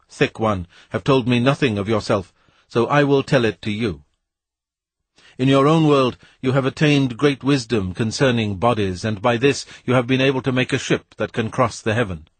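A man voicing an ancient, commanding spirit, speaking slowly and solemnly. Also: mid-range voice, breathy edge, dry recording, natural voice. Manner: slow, solemn, measured.

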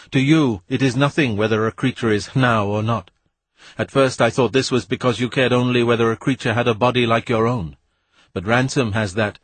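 A man voicing an ancient, commanding spirit, speaking slowly and solemnly. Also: medium pitch, no room sound, natural voice. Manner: slow, solemn, measured.

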